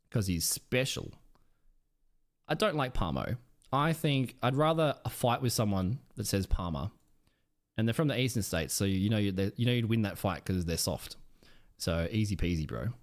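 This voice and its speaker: A man with a South Australian accent chatting casually with his stream chat, playful and smug, swearing offhand. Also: medium pitch.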